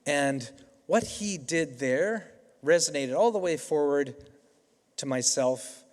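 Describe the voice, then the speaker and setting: A man's voice: a little high, expressive, slow pace. A middle-aged Canadian man giving a convocation keynote, telling stories in a conversational way with frequent restarts. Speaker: keynote speaker. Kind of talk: convocation speech. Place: large hall. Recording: reverberant hall.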